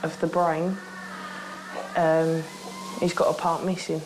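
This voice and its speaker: A woman's voice: low-pitched, little pitch movement, slow pace, noisy background. A woman, a patient's relative filmed in a hospital, talking bluntly with swearing in a shaken voice that wavers near tears. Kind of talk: candid documentary footage.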